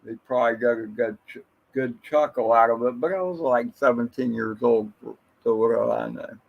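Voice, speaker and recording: A man's voice: mid-range voice, vocal fry, highs cut off. A man hosting a casual livestream who reminisces in a rambling way and greets viewers from the chat by name. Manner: slow, rambling, reminiscing storyteller. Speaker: drone channel livestream host.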